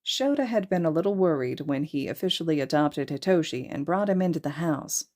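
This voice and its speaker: A woman narrating a fan fiction podfic with steady storytelling. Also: sits low, fairly quick. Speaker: podfic reader.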